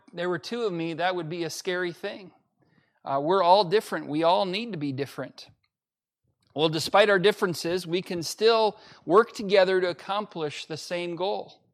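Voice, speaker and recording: A pastor preaching an emphatic sermon to a livestream audience, repeating key phrases with frequent fillers. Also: male voice, high-pitched. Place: church during livestream-only service.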